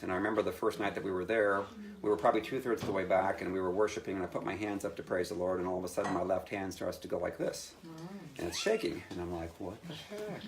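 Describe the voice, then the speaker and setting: A man telling a personal story to a live audience, animated and laughing as he acts out his own quotes. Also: sits low, slight background noise. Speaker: speaker telling his testimony.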